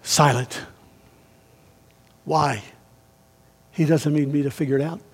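Male pastor, raspy, higher-pitched voice, emphatic sermon that swings loud and hushed. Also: steady tone, slow. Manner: emphatic, swings between raised and hushed delivery.

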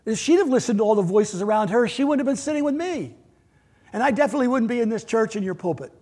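A middle-aged man preaching a sermon in a church, earnest, swinging from loud to near-whispered. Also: extremely high pitch, expressive, quick pace, husky. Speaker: pastor.

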